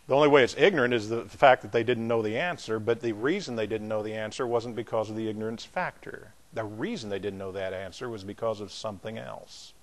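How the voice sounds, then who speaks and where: A man's voice: on the low side, a little fast, few pauses. A pastor, a man, teaching a Bible class in a loose, conversational way, with restarts and asides to his students. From not from the American South.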